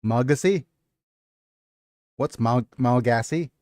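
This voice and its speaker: A man hosting a livestream, talking in an unhurried and rambling way as he answers his chat. His voice sits in the middle of the male range and sounds close and dry, with almost no room around it. He wanders from point to point with plenty of stops and restarts. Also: medium pitch, darkish tone, dry recording. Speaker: livestream host. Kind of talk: casual livestream chat and reading aloud.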